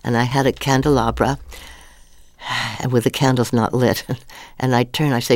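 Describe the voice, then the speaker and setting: An older actress telling rambling, animated anecdotes in a casual interview, laughing often. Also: female voice, rumbling low, a little slow, long pauses, dry recording. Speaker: guest actress.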